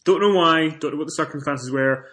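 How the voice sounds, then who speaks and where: A man co-hosting a casual wrestling podcast, telling stories with animated swings in pitch and loudness. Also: a little fast. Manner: animated storytelling, rises in pitch and volume when excited. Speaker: podcast co-host.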